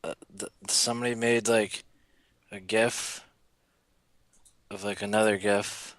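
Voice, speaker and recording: A man's voice: lowish voice, level tone, slow, fairly bright tone, dry recording. A young man co-hosting a gaming podcast in casual chat, offhand and swearing, sometimes stumbling over names. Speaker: podcast co-host.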